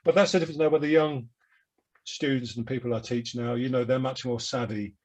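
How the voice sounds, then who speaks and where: An older man with a London Cockney accent, his voice slightly husky and sitting at a middle pitch. He rambles through his memories in a self-deprecating way. He speaks over a video call. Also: steady tone, brisk, a little mellow. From London, England. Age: 70s. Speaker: guest musician. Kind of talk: reflective interview chat.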